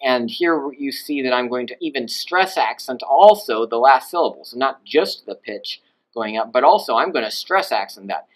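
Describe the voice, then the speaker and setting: Give me an animated male Latin teacher with a lively, swooping delivery. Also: moderate pace, low-quality recording. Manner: animated, swoops pitch to demonstrate pronunciation. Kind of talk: explanatory video lesson.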